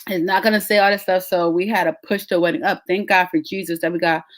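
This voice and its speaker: A woman's voice: lowish voice, fairly even intonation, fast talker. A woman, a podcast host telling a story in casual, chatty talk straight to her listeners. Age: 30s. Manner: chatty, addresses listeners as y'all.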